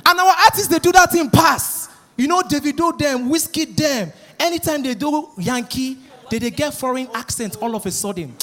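A Nigerian man doing stand-up comedy, animated and mixing pidgin with English as he acts out characters. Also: extremely high pitch, normal speed, faint music behind.

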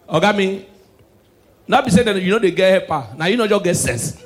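A male stand-up comedian with a Nigerian accent, moving between shouted punchlines and low preachy asides. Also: animated, brisk.

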